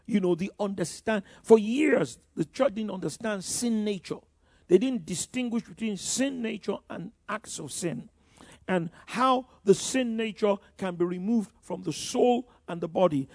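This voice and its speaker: A man's voice: high voice, darkish tone, dry recording, clean studio sound. An older male pastor preaching a sermon, emphatic, with frequent "you know" fillers and stumbling restarts.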